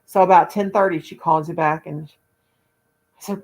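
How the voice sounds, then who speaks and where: A woman's voice: mid-range voice, normal speed, rough recording. A woman hosting her own channel, telling a long personal story in a rambling, folksy, casual way. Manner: rambling, folksy, talks in long run-on anecdotes. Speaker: crochet channel host.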